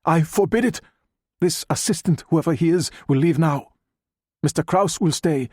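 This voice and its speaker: A man's voice: fairly high pitch, normal speed, darkish tone, husky, no echo, clean studio sound, voice pushed up. A man voicing an indignant older male scientist who speaks stiffly and commandingly. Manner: stiff, commanding, rising to anger.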